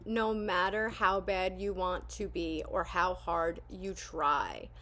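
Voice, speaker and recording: A woman talks through a music reaction video in a loose, candid way, drifting between thoughts with plenty of fillers. Her voice sits at an ordinary middle pitch. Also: fairly bright tone. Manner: candid and rambling, with frequent fillers. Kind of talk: casual spoken commentary and prayer reading.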